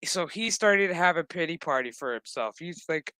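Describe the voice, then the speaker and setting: A man with a somewhat high, forceful voice rants through a casual, profane recap of an episode. He slips into the characters' lines with exasperated energy, and the sound is dry and close. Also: moderate pace, no room sound. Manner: animated, swearing, acts out dialogue; exasperated rant. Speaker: show recap host.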